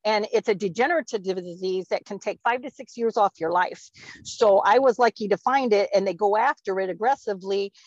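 A woman's voice: mid-range voice, brisk, darkish tone, no echo, highs cut off. A woman in her forties in casual podcast chat, rambling and laughing often as she talks. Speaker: podcast co-host.

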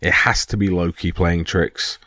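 A man's voice: low-pitched, steady tone, measured pace, sharp tone, no room sound, clean studio sound, pitched below the performer's own voice. Thor, a man voicing a raging thunder god. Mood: grumbling. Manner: bellowing, furious threats. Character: mighty hot-tempered thunder god, male adult.

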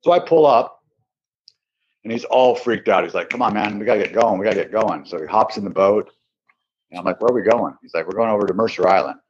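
A man with a husky, fairly low voice spins a casual anecdote. He acts out the people in the story as he goes. The recording sounds dull and lo-fi. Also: fast talker. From Seattle area. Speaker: podcast guest.

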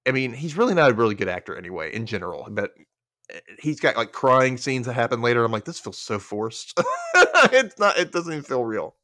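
A man's voice: fast talker, no room sound, clean studio sound. A man hosting a podcast, chatting casually through an episode recap and acting out characters' lines. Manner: animated, acts out characters' lines with big pitch jumps. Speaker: podcast host.

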